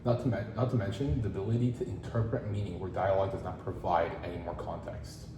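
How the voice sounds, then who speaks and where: A male student answering interview questions about his own film project, earnest and steady, with small stumbles. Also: deep voice, quick pace. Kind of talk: interview-style reflection, partly read. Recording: roomy echo with steady background noise.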